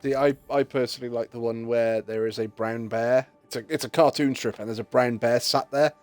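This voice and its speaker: A man's voice: medium pitch, steady tone, fairly quick, soft background music. A man in casual gaming chat who tells funny stories and acts out the lines he quotes.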